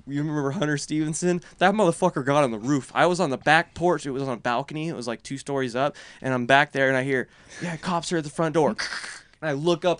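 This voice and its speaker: Young guy telling a wild party story, swears constantly, smooth clear voice, dry close sound. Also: fairly high pitch, dry recording. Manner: swears a lot, laughs while telling stories, acts out quotes. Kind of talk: casual chat, crude storytelling.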